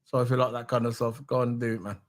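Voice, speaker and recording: Fast and flat in delivery, a British streamer with a medium-pitched voice hosts a casual live chat. He repeats himself and doesn't hold back his blunt opinions.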